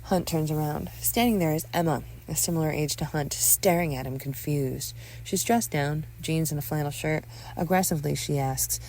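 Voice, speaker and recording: A woman narrating a scripted audio story in an expressive storytelling manner on a close mic. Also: deep voice, moderate pace.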